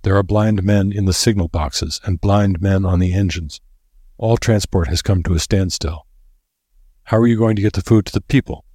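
A man reading aloud, voicing a grim, solemn old professor who speaks gravely. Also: low-pitched, mellow, dry recording, studio quality. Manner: grave, measured. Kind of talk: audiobook character voice.

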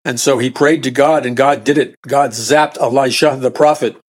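A man's voice: mid-range voice, steady tone, moderate pace. A man preaching a sermon, emphatic, often repeating and restarting phrases and rising to bursts of intensity.

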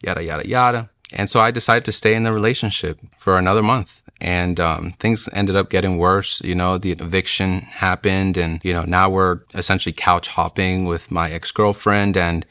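Young man, low voice, bright forceful tone, dry close sound; earnest personal testimony, casual filler words. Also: steady tone, normal speed, hardly any pauses, clean tone, no room sound. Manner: earnest, reflective, with frequent "like" and "you know". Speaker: speaker sharing a conversion testimony. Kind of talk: personal storytelling.

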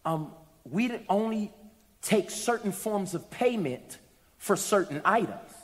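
A man voicing a polite female boutique clerk who calmly and firmly refuses his payment. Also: sits high, slow. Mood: politely firm. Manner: calm, apologetic, firm. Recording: echoey hall.

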